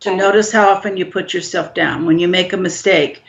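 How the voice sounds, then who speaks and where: A woman guest explaining emotional healing in a calm, measured, gently instructive way. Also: on the low side, gravelly. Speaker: guest expert on healing shame. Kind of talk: explanatory interview answers. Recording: dull lo-fi audio.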